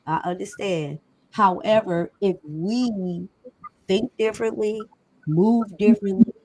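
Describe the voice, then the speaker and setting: A woman's voice: medium pitch, low-quality recording. A middle-aged woman hosting a talk show, speaking in an emphatic, conversational and preachy way. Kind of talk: casual panel talk.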